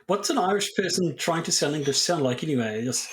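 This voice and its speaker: A man's voice: a little high, expressive, fairly quick, hardly any pauses. Quizzical New man chatting. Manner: quizzical, joking interjections. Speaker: podcast co-host. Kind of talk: casual chat.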